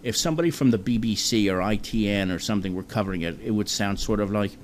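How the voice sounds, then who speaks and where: A man's voice: on the low side, fast talker, slight background noise. A man with a New Jersey accent hosting a web talk show alone, rambling in a chatty, self-deprecating way. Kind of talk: casual solo talk-show monologue.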